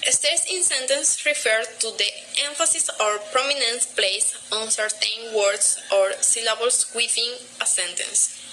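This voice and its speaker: A young woman, a student, reading a class presentation aloud carefully and deliberately, pausing between example words. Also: a little high, poor audio. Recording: steady background noise.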